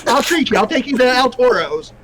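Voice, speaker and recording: A man on a live stream podcast, teasing someone over the phone in a deadpan way. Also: extremely high pitch, fairly quick, very noisy. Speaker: co-host. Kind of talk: casual livestream banter.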